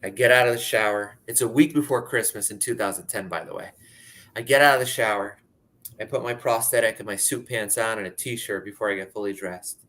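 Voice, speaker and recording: A man's voice: lowish voice, a little fast, fairly bright tone. A man in his thirties from Pennsylvania, telling his personal story in a candid, conversational way, often saying "like". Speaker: speaker sharing his story.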